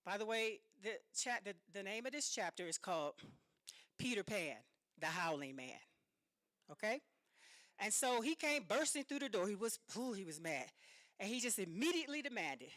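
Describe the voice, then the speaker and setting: A woman giving a speech as an author, telling a personal story in a dramatic, animated way with emphatic repetition. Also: on the high side, a little fast, no echo, studio quality. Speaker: speaker and author.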